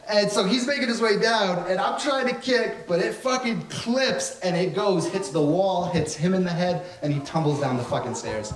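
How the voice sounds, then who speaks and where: A man's voice: high voice, moderate pace, few pauses. A young man doing a stand-up comedy set, telling stories animatedly and swearing a lot while he acts out the people in them. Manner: animated storytelling, heavy swearing, acts out characters. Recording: echoey room with live audience. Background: audience crowd.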